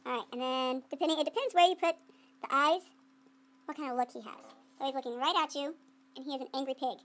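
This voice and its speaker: A woman's voice: high voice, fast talker, fairly bright tone. A woman art teacher giving a playful running commentary while she demonstrates clay sculpting to students.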